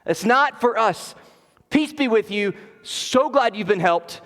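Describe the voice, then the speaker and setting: A preacher voicing a calm, gracious prophet. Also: male voice, high voice, takes it slowly, voice pushed up, exaggerated voice. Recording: long church reverb.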